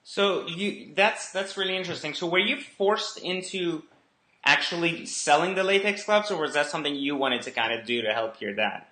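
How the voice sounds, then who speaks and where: A man's voice: a little high, animated, moderate pace, bright, forceful tone. A man hosting an interview, asking friendly, filler-heavy questions. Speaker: interview host. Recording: roomy echo.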